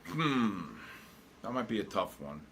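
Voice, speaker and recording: An unhurried man with a fairly low, somewhat bright voice and big swings in pitch hosts a live trading stream, a little hiss or hum audible. He rambles, makes jokes, and answers chat while tracking the charts and calling out market moves.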